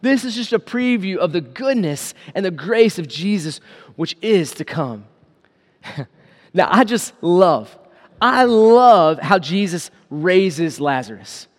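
High-voiced preacher in a reverberant hall. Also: male voice, slow. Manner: animated, acts out quotes in paraphrase. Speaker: pastor. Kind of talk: sermon.

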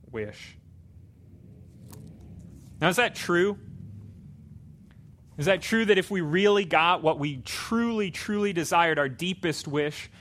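A man's voice: sits high, fairly bright tone. A man preaching a sermon, earnest and conversational, with frequent restarts. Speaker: pastor.

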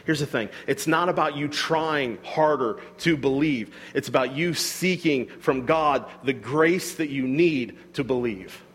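A male pastor with a high voice delivers an emphatic, earnest sermon, stacking repeated phrases for weight. His voice rings through a church sanctuary with long reverb trailing each line. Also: a little slow, hardly any pauses, fairly bright tone. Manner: earnest, emphatic preaching with repetitions.

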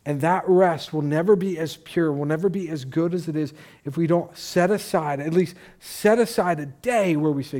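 A middle-aged male pastor preaching a sermon, telling a story in a casual, animated way with asides and restarts. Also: on the high side, normal speed.

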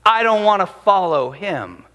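A man voicing pompous, rebellious earthly kings who loudly declare their freedom. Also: high-pitched, expressive, measured pace, highs cut off, full character voice. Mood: defiant. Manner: shouting, puffed-up declaring.

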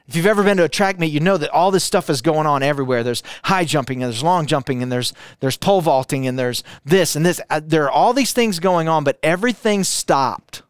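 A middle-aged man from Arkansas telling a personal testimony to a camera, building intensity through repetition and dropping quiet for emphasis. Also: medium pitch, clean tone, no echo, studio quality. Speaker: speaker sharing a personal testimony. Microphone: camera, speaking to it.

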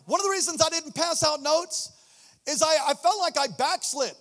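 High-voiced fervent preacher in echoing hall. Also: male voice, moderate pace. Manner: impassioned, sing-song cadence, swings between loud and hushed. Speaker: pastor. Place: church sanctuary. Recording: long reverb of a large hall.

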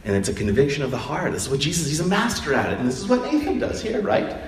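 Pastor delivering a chatty sermon, recorded from a distance in a reverberant hall with faint ambient noise. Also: male voice, fairly high pitch, fast talker. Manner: conversational, animated storytelling with acted quotes.

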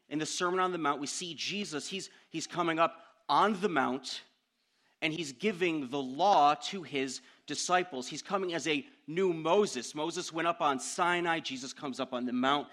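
Bright-voiced man preaching a sermon. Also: on the high side, a little slow. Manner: animated storytelling, rising to loud outbursts. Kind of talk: sermon with a personal story.

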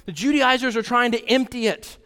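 A man preaching a sermon as pastor, conversational and animated, with sudden jumps in pitch. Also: fairly quick, clear, resonant tone. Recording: long hall reverb.

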